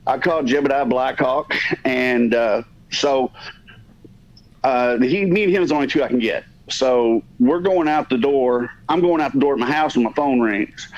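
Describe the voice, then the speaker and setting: A man's voice: medium pitch, moderate pace. A man hosting a podcast, telling a long story in a casual, profane, rambling way that stops and restarts. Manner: rambling, profane, self-interrupting. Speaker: podcast host. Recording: dull lo-fi audio.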